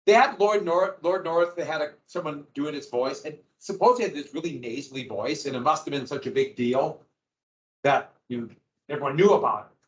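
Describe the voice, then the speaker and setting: In an echoey, dull lo-fi classroom recording with a little hiss or hum, a man with a fairly high, fairly quick voice delivers a history lecture. He explains things to his students in a loose, conversational way.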